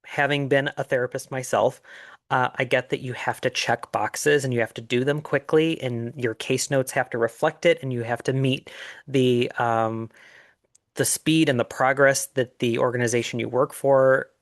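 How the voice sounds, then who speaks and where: A middle-aged man telling his own story in an earnest, reflective way, with pauses and fillers. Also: medium pitch, fairly even intonation, no room sound, clean studio sound. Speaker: life coach sharing his story. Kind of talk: personal storytelling monologue.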